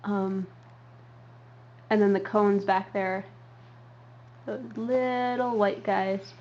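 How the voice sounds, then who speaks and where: A woman's voice: mid-range voice, little pitch movement, very slow, darkish tone. A young woman giving a casual show-and-tell tour as a vlogger, rambling with lots of ums and uhs. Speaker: model horse hobby vlogger. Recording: dull lo-fi home recording with faint hiss.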